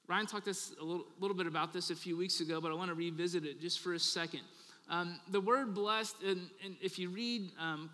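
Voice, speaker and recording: Male pastor mid-sermon, high and bright, earnest delivery that softens at the end of each point, big hall reverb. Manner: earnest, repeats phrases, trails off softly at ends of points; talks with children in the audience.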